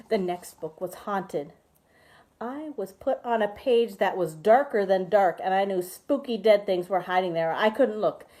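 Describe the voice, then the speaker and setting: Animated woman minister reading a storybook. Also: mid-range voice. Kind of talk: reading a children's story aloud.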